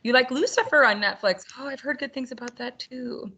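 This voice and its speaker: A woman's voice: high voice, brisk, pushed and bright, breathy edge. A woman hosting an online roundtable for teachers over a video call, upbeat and chatty with frequent laughter. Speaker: webinar host.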